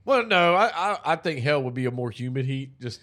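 A man in casual movie-review banter, animated and profane, joking a lot. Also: mid-range voice, a little fast. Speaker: podcast co-host.

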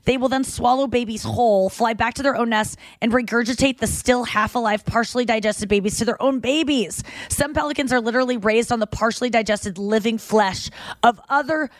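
A woman's voice: fairly high pitch, brisk, no room sound. A woman hosting a podcast in casual chat, swearing freely and acting out the people in her stories. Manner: swears freely, tells stories with acted-out quotes. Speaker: podcast host. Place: makeshift home studio.

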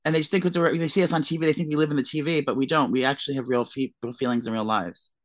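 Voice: medium pitch, fairly even intonation, racing, dry recording. A co-host in a casual podcast chat, playful and teasing, sometimes mock-preachy.

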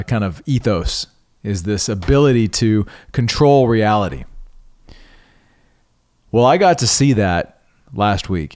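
A middle-aged man hosting a podcast, telling a personal story in a conversational way, often restarting and repeating words. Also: fairly low pitch. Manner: conversational, restarts and repeats words, animated when quoting himself. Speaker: podcast host.

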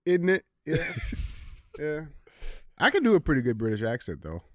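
A man's voice: fairly high pitch, huge pitch swings, a little fast, dry recording. A man co-hosting a casual studio podcast, laughing often and reading headlines aloud. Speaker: podcast co-host.

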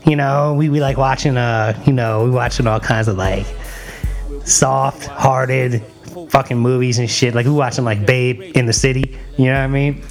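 A man's voice: mid-range voice, fairly even intonation, moderate pace, soft background music. A man co-hosting a casual podcast, rambling through crude comic stories and acting out the people in them. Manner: crude, rambling storytelling with acted-out voices. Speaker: podcast co-host. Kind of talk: casual comedic banter.

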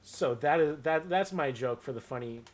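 Man, podcast guest, joking asides, laughs a lot, slightly high voice, earbud mic. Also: animated, normal speed. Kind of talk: casual comedic chat. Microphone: earbud headset mic.

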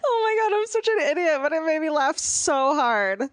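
A woman's voice: sits high, big pitch swings, normal speed, dry recording, studio quality, soft background music. A woman co-hosting a podcast in casual chat, talking with lots of restarts and laughing easily. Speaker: podcast co-host.

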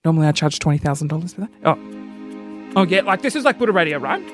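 A man's voice: a little high, expressive, very fast, over music. A young man hosting a podcast alone, rambling in a chatty, self-mocking way. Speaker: podcast host. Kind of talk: solo comedic podcast chat.

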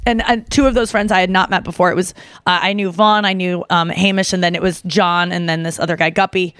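A woman podcast host telling a story in casual chat, animated and full of fillers, slipping into the voices of the people she describes. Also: on the low side, brisk, clear, resonant tone, dry recording. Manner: animated, filler-heavy, acts out others' voices.

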